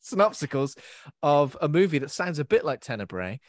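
A man's voice: fairly high pitch, sing-song, fairly quick, no echo, clean studio sound. A man hosting a podcast in a casual chat, giggling and mocking himself as he stumbles over his words. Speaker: podcast host.

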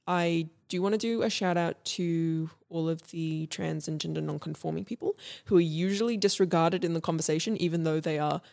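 Young woman podcast host, low-pitched and gravelly, hesitant and rambling. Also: a little fast, hardly any pauses, a little mellow. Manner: hesitant, many ums and restarts. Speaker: podcast co-host presenting history. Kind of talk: casual history podcast chat.

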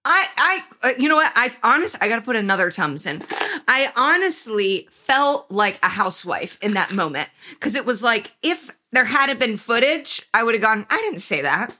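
A woman's voice: fairly high pitch, animated, normal speed, bright, forceful tone. A pregnant woman in her thirties co-hosting a comedy podcast, rambling and self-deprecating, laughing often. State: heavily pregnant. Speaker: podcast co-host. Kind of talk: casual comedic chat.

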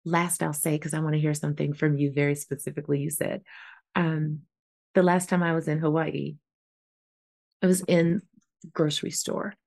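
A woman's voice: deep voice, level tone, moderate pace, pauses often, darkish tone. A woman co-hosting a casual spiritual podcast chat, talking in an earnest, rambling way with lots of fillers. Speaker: podcast co-host.

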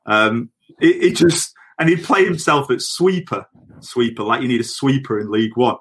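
Speaking at a moderate pace, a former footballer in middle age shares chatty podcast anecdotes, laughing as he goes. His voice is medium in pitch and fairly bright.

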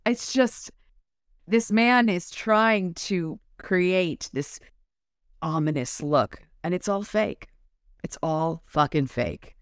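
A woman's voice: fairly low pitch, takes it slowly, no echo, studio quality. A woman co-hosting a book club podcast, reading passages aloud and then riffing on them casually, swearing now and then. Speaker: podcast co-host.

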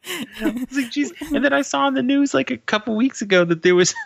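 A man co-hosting a casual podcast, cracking wry, deadpan jokes with casual swearing. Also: extremely high pitch, a little fast, creaky, dry recording. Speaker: podcast co-host. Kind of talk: casual chat.

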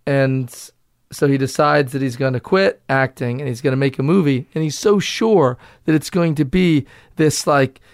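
A man's voice: mid-range voice, moderate pace, dry recording, studio quality. A man with a Boston accent, an actor guest talking candidly and loosely in a casual interview, swearing and laughing easily.

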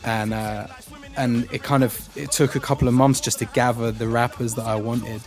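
A man's voice: mid-range voice, normal speed, faint music behind. Rambling male producer guest. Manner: relaxed, rambling, hesitant with ums. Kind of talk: casual interview chat.

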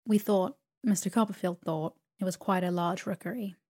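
A woman's voice: on the low side, steady tone, normal speed, mellow, close to an everyday voice. Woman voicing a frail, helpless young mother in a storybook, faltering and meek, close to her own reading voice. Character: timid, fragile young widowed mother.

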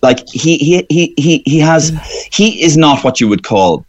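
A man's voice: fairly high pitch, measured pace, muffled recording. A man from Waterford with an Irish accent, a comedian rambling animatedly in a radio studio interview. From Waterford, Ireland. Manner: rambling, animated storyteller, slips into voices. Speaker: guest comedian.

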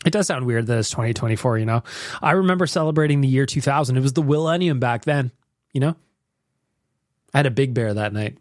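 A man hosting a podcast, reacting to voicemails in a jokey, animated way with mock-serious asides. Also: mid-range voice, fast, no room sound, studio quality. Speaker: podcast host.

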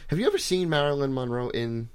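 A man's voice: medium pitch, big pitch swings, fast. A man co-hosting a casual chat, blunt and teasing, laughing often.

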